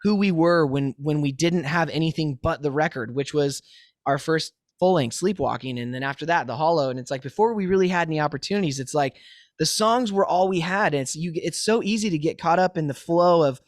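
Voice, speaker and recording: A male musician being interviewed over a remote call from his home studio, telling stories in a lively, easily laughing way. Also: a little high, a little fast, dry recording. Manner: animated storyteller, laughs easily. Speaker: musician guest. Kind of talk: casual interview chat.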